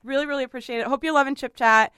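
A woman's voice: high voice, fairly even intonation, very fast, pushed and bright, no room sound, clean studio sound. A woman hosting a podcast in casual chat, talking chattily, often laughing and apologizing. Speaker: podcast host.

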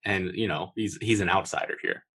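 A man with a fairly low voice talks through favourite film moments in a loose podcast chat. He leans on fillers and jumps up in pitch whenever he quotes a line. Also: a little fast, husky. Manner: relaxed, filler-heavy, quotes lines in a lifted voice.

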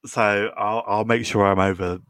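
A man's voice: fairly low pitch, fairly even intonation, moderate pace, a bit bright, smooth, dry recording. A young British man co-hosting a podcast in loose, casual chat, swearing freely and filling gaps with "um" and "like". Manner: loose and chatty, swears, many "um"s and "like"s. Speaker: podcast co-host.

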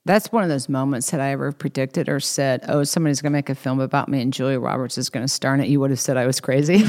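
A middle-aged woman with a notably low voice, chatting as an interview guest. She tells her stories casually and animatedly, acting out what others said. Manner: lively anecdotes with quoted voices and laughter. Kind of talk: casual storytelling.

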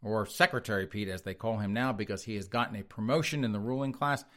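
A man's voice: lowish voice, quick pace, fairly bright tone. A man hosting a podcast, reading headlines and mocking them with sneering sarcasm, often laughing at his own jokes. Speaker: podcast host. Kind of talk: sarcastic news commentary.

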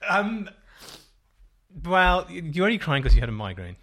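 A man's voice: high-pitched, very animated, normal speed, fairly bright tone. A middle-aged man co-hosting a podcast, telling rambling, self-mocking stories in casual chat. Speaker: podcast co-host.

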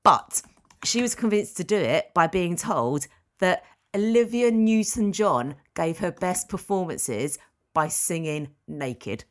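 A woman, co-hosting a podcast and telling an anecdote in a chatty, animated way. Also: lowish voice, takes it slowly. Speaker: podcast co-host. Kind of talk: casual chat.

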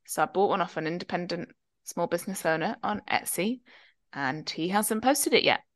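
A woman's voice: on the low side, lively intonation, moderate pace, no room sound. A young woman co-hosting a podcast, telling wry anecdotes in casual chat. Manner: chatty, wry, storytelling. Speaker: podcast co-host.

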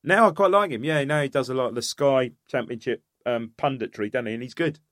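A man's voice: medium pitch, brisk, a bit bright, no room sound, studio quality. A man, co-hosting a casual football podcast, reminiscing and chiming in with agreement. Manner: reminiscing, lots of agreeing fillers. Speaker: podcast co-host.

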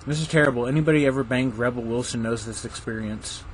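A man co-hosting a casual podcast, reading out topics with wry, deadpan banter and lots of low hums. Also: fast talker, slight background noise, low-quality recording. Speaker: podcast co-host.

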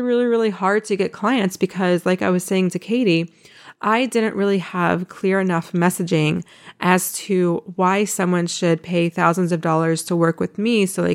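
A woman's voice: on the low side, creaky. A woman hosting her own podcast, talking candidly and emphatically about coaching, stressing points by repeating words. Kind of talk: solo podcast talk.

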